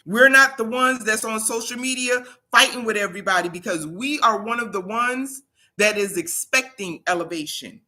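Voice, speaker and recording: Woman, motivational livestream host; bright, forceful delivery, emphatic and preacherly. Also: fairly high pitch, moderate pace. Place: home in South Carolina.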